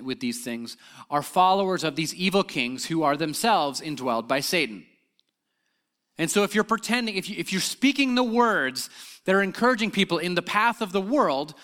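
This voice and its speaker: A man's voice: high voice, bright, forceful tone. A man teaching a sermon on scripture in a conversational way, with frequent fillers and restarts. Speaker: preacher.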